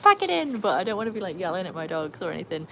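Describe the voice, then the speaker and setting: A woman's voice: lowish voice, very fast. Chatty British woman on a noisy livestream. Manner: chatty, reads out comments, coaxes dogs. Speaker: livestream host with dogs. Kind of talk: casual live-stream chat. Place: outdoors by a pool. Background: splashing and dogs barking.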